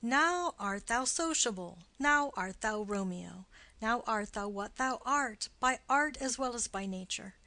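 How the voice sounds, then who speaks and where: A woman's voice: on the high side, expressive, bright, forceful tone, dry recording, exaggerated voice. A woman reading the part of a witty, mocking young nobleman in an audiobook of a play. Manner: quick, punning banter.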